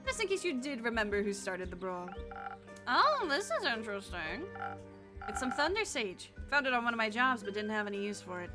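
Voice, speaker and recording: A woman's voice: fairly high pitch, sing-song, fairly quick, pitched below the performer's own voice. A woman voicing an aloof, world-weary adventurer woman who talks in a dry, bored, clipped way over game music.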